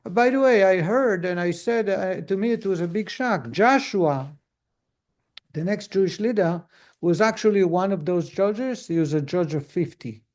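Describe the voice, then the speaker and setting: A man's voice: high voice, lively intonation, normal speed, darkish tone. A middle-aged man, a rabbi, giving a conversational lesson to a class, telling stories and putting questions to his listeners. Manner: storytelling, asks the audience questions.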